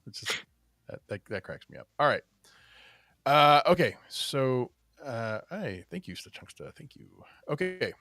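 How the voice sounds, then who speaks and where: A man's voice: mid-range voice, very animated, measured pace, bright, forceful tone, no room sound, clean studio sound. A man hosting a podcast in casual chat, joking, rambling with fillers and laughing often. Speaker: podcast host.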